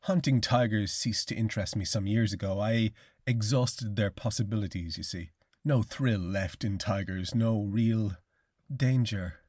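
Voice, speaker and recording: A polished, quietly menacing older aristocrat hunter, read by a man in an audiobook. The voice sits low and a little husky, unhurried and courteous, with a dry, close sound. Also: dry recording. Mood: suave, menacing. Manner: slow, measured, courteous delivery. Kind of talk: audiobook reading.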